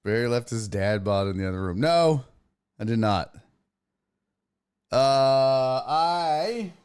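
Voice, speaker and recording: A man's voice: mid-range voice, takes it slowly, clear, resonant tone. A middle-aged man hosting a sports talk show, telling a story in a casual, rambling way, cursing and exasperated. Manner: profane, exasperated, animated.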